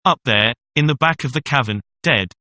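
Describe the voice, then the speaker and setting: A man's voice: mid-range voice, brisk, bright, forceful tone, dry recording. A man voicing a frightened old female servant in a hypnotic trance, speaking in a gasping, strangled way. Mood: entranced terror.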